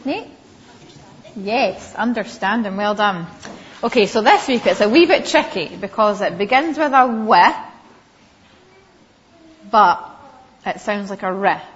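A woman giving a Bible lesson to young children, gently questioning them and calling on them by name. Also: medium pitch, expressive, measured pace, pauses often, a little hiss or hum. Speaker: Sunday school teacher. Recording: slightly dull lo-fi recording.

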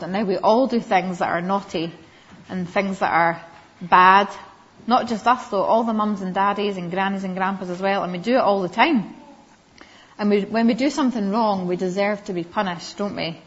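Gentle woman teaching young children. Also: medium pitch, normal speed. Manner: gentle, asks children questions by name. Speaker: Sunday school teacher. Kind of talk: children's Bible lesson. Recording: slightly dull lo-fi recording.

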